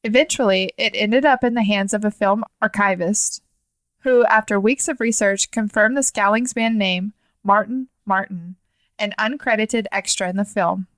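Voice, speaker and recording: A woman's voice: medium pitch, normal speed, a bit bright, no room sound. A woman co-hosting a podcast, reading true stories aloud with teasing banter in between. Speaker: podcast co-host. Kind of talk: reading stories, casual chat.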